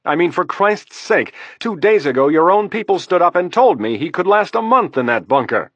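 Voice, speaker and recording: A testy, defensive politician in high office, as a man puts him on for an audiobook. His voice climbs higher and sharper when pressed. The recording is dry and close. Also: sing-song, normal speed, fairly bright tone, no room sound, muffled recording. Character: defensive, irritable male vice president, middle-aged.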